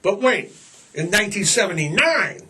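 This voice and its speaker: An older man in his sixties hosts a podcast with a high, bright voice, ambling along slowly and leaning hard on sarcasm. He sits a little back from the mic, so the sound is slightly distant. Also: sing-song. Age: 60s. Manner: sarcastic, jokey, drawn-out emphasis. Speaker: podcast host. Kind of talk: rambling casual monologue.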